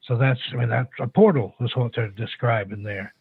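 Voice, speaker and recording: A man's voice: mid-range voice, fairly even intonation, moderate pace, vocal fry, slightly rough, dry recording. A man, a radio guest, talking thoughtfully on the phone with many restarts and fillers. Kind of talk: call-in radio interview. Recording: dry tinny phone line.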